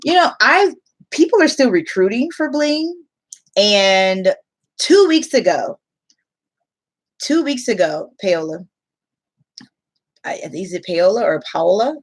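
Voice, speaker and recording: A woman's voice: medium pitch, very animated, takes it slowly, pauses often. A young adult woman, an online English teacher, chatting casually on a livestream, reading out viewer comments and laughing often.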